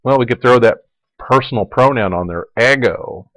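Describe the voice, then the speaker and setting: A man giving a recorded Latin lecture, explaining grammar in a relaxed way and repeating word forms aloud. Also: mid-range voice, moderate pace, no room sound, low-quality recording. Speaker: Latin teacher.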